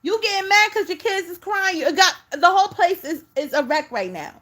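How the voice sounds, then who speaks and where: A woman's voice: very high-pitched, expressive, moderate pace, bright, forceful tone. A woman giving casual reaction commentary, scolding and exasperated as she talks straight at the person she criticizes.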